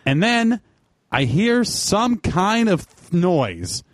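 A man's voice: sits high, sing-song, very slow, no room sound, clean studio sound. A man telling a rambling, profane story in casual podcast chat, mocking himself.

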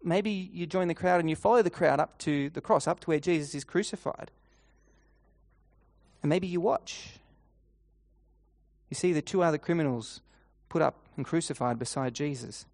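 Preaching in a slightly high voice, a man brings a scene to life in the second person, easing his pace and softening his tone to emphasize. The recording is dry.

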